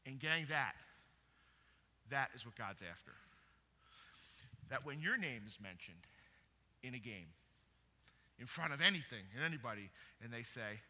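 A man preaching a sermon and quizzing his congregation, moving from quiet teaching to loud cheers for the people who answer. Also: medium pitch, unhurried, pauses often. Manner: lively, swings from quiet teaching to loud praise. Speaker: pastor. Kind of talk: sermon with audience quiz. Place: church hall. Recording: long hall reverb.

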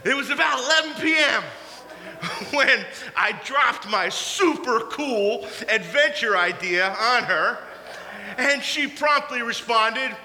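Bright-voiced animated preacher. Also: male voice, very high voice, takes it slowly. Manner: animated, laughing through his stories. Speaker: pastor. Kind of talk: storytelling sermon. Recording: echoey hall, faint hum.

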